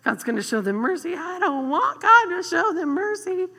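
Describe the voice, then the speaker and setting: A woman's voice: extremely high pitch, sing-song, moderate pace, pushed and bright, long reverb tail, voice pushed up, heavily acted. A woman voicing a sulking, self-pitying man who behaves like a drama queen, in a sermon retelling.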